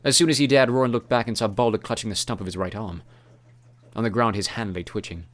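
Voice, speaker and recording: Lowish male voice reading a fantasy audiobook, steady and even. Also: quick pace. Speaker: audiobook narrator. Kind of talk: scripted fantasy narration.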